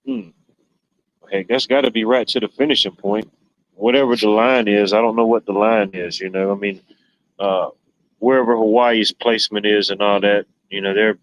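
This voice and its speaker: A man's voice: lowish voice, fairly bright tone, rough recording. A man hosting a livestream, chatting casually, rambling and joking with viewers. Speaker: livestream host. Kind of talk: casual chat reading viewer comments.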